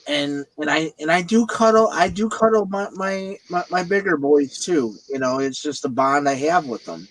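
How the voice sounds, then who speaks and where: A man's voice: a little high, moderate pace, poor audio. A man hosting a casual video chat, rambling and repeating his words. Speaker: host. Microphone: video call.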